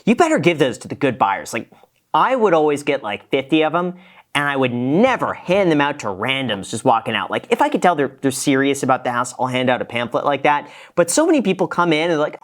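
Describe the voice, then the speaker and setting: A man's voice: mid-range voice, sing-song, fairly quick. A man hosting a casual reaction show, a former real estate agent who gives frank, cost-minded critiques of a home tour.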